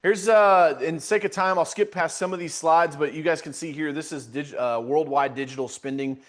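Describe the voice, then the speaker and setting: A man coaching business owners in a live webinar, energetic and joking, repeating points to drive them home. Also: fairly high pitch, moderate pace. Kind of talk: webinar presentation.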